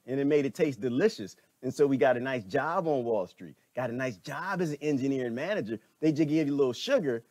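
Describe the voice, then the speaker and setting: A middle-aged man giving a preachy, animated monologue as a vlogger, laughing often and repeating himself. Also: a little high, no echo, clean studio sound. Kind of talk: ranting commentary monologue.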